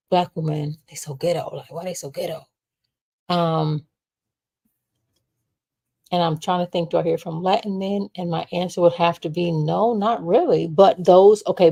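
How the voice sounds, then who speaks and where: Gravelly-voiced woman hosting a casual livestream. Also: fairly low pitch, a little mellow. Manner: chatty, talks to viewers and reads comments aloud. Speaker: livestream host.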